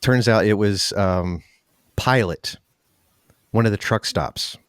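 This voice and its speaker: A man's voice: on the low side, slow, clear, resonant tone, no room sound, studio quality. A man hosting an interview show, asking questions and telling a chatty story in a casual way. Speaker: podcast host.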